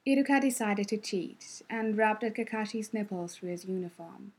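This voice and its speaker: A woman reads fiction aloud in a soft hush. Her voice is breathy and a little husky, and she keeps it quiet and close. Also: mid-range voice, moderate pace. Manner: soft, hushed, close delivery. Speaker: reader. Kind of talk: hushed audiobook-style fan fiction narration.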